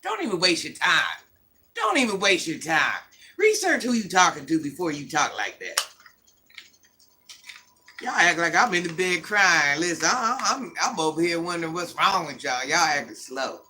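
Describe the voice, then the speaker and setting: A woman's voice: fairly low pitch, very animated, normal speed, sharp tone, slight background noise. An older woman hosting a casual livestream, bluntly scolding and answering viewer comments. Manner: sassy, scolding, blunt talk-back. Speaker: livestream host.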